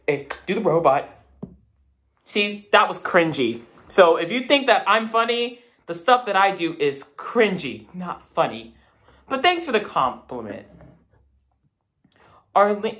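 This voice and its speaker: A young man chatting to camera in a casual vlog, animated and self-deprecating. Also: high-pitched. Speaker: YouTuber.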